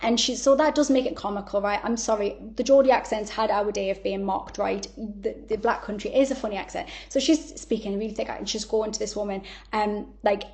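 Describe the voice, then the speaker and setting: A woman, a podcast guest telling stories in a candid, animated way, blunt and swearing freely. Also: medium pitch, fairly quick, hardly any pauses. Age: 30s. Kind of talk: candid conversational storytelling.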